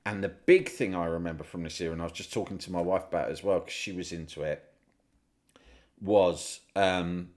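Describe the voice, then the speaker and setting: A middle-aged man from Britain, a podcast guest, telling stories in casual chat, swearing freely and loudly mimicking other people. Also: low-pitched, fairly quick. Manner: animated storyteller, swears freely, mimics his brother loudly.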